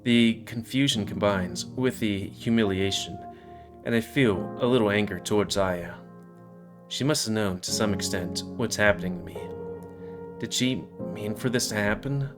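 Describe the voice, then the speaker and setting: Let's player reading a visual novel in the first person; low voice, casual asides, soft music underneath. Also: male voice, normal speed.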